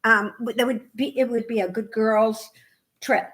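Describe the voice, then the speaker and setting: A woman co-hosting a podcast in casual chat, telling animated, rambling stories. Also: fairly high pitch, normal speed. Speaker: podcast co-host.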